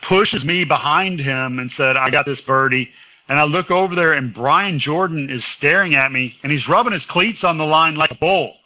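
A man, a former baseball pitcher, telling a story as an interview guest in a chatty way. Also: moderate pace, few pauses, pushed and bright. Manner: chatty storytelling, acts out quotes.

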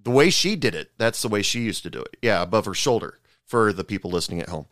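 This podcast co-host, a former server, rambles through stories in casual chat, laughing often and full of fillers and restarts. His lowish voice is expressive and fast, with a crowd audible behind him.

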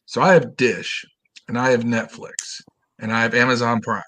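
A man's voice: medium pitch, level tone, moderate pace, pushed and bright. A man co-hosting a podcast, chatty and wry in casual banter. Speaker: podcast co-host.

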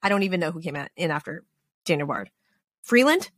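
A woman hosting a podcast from her home desk, chatting casually and animatedly, with plenty of swearing and quick asides. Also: on the low side, very animated, dry recording. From Texas. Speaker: podcast host. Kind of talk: casual chat. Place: home desk with snoring dogs.

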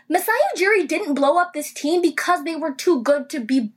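A woman co-hosting a sports podcast, ranting fast and emphatically in casual chat. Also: very high-pitched, fairly bright tone. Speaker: podcast co-host.

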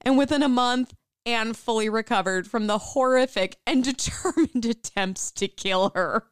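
A young adult woman hosting a podcast, telling a story in casual chat, animated, swearing freely and often breaking into laughter. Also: a little high, moderate pace, smooth, no echo, studio quality.

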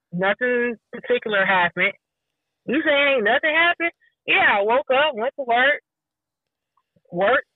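A woman's voice: on the high side, dry recording, phone-quality sound. Woman, 40s, podcast guest, blunt, slangy, dry close sound. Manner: blunt, slangy, laughs easily. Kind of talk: casual podcast chat.

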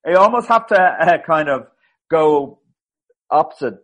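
Woman host, super low voice but swings around a lot, hesitant questions. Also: animated, breathy edge. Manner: hesitant, halting questions with many restarts. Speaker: interviewer. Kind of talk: casual interview chat.

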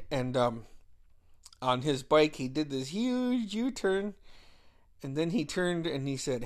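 A man's voice: medium pitch, takes it slowly, long pauses. A man in his thirties casually telling a long personal story, swearing heavily and laughing often as he talks.

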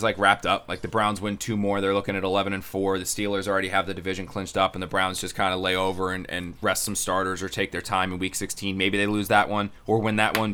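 A young man who covers football as a reporter, chatting casually on a live show and telling a press box story with lots of fillers, acting out what people said. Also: on the low side. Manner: animated storytelling, acts out quotes with rising excitement. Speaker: sports beat reporter. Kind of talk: casual podcast chat.

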